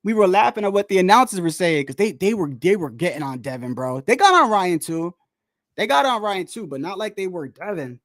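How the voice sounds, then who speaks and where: A man, a boxer, chatting casually about a fight, animated and laughing, saying "bro" a lot. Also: high-pitched, fairly quick. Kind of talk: casual fight commentary chat.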